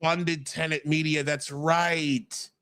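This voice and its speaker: A man's voice: fairly high pitch, level tone, slow pace, bright, forceful tone, clear, resonant tone, no echo, studio quality. A man with a New York accent hosting a casual livestream, brash and stammering as he reads chat aloud. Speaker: podcast host.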